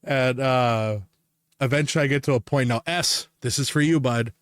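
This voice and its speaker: A man's voice: medium pitch, normal speed, a bit bright, smooth, no room sound, clean studio sound. A man co-hosting a podcast, telling a story in casual chat, swearing often and laughing as he talks. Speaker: podcast co-host.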